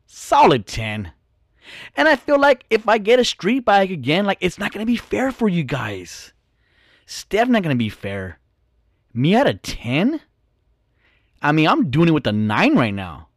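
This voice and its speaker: A man's voice: sits high, big pitch swings, moderate pace, dry recording, studio quality. A young man telling a profane, boastful story in casual podcast talk.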